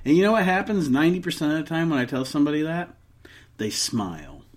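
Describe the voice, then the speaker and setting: Talking fast with a fairly high, expressive voice, a man co-hosts a podcast in a casual chat. He rants, swears freely, and jokes about himself, frequently restarting sentences and letting them trail off.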